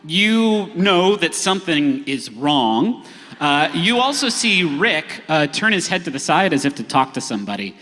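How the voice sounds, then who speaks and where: A man's voice: on the high side, big pitch swings, measured pace, bright, forceful tone. A man running a tabletop game as game master before a live audience, narrating hesitantly with many fillers. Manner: hesitant, lots of uh fillers, playful. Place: large theater stage. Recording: live theater stage reverb.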